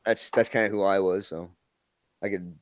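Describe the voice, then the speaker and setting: A man's voice: low-pitched, fairly even intonation, moderate pace, dry recording. A man, chatting casually as a guest and laughing often. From Minnesota. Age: 50s. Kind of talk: casual live-stream chat.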